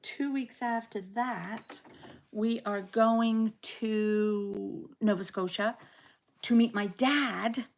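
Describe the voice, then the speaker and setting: A woman's voice: fairly high pitch, fairly even intonation, drawn-out words, gravelly, a little hiss or hum. A woman in her sixties, originally from England, talking with a Canadian accent in a chatty, rambling way while she sews and chats. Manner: chatty, rambling, self-deprecating. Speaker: quilting vlogger. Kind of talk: casual sew-along chat.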